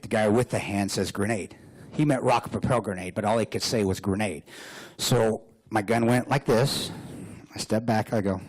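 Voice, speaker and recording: A man giving a lively storytelling speech as a guest speaker, joking and laughing often. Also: medium pitch, brisk, slightly rough. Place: hotel banquet room.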